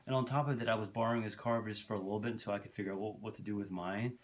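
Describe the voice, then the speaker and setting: A man's voice: fairly low pitch, steady tone, very fast, a little hiss or hum. A man telling a long personal story to camera for his vlog, rambling and candid, swearing freely and tripping over his words. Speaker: vlogger.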